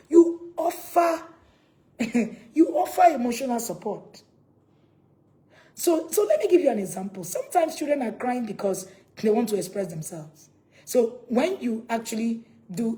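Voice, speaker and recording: A woman's voice: on the high side, dark tone. A woman, a parenting coach giving an earnest, emphatic talk to viewers and laughing between points.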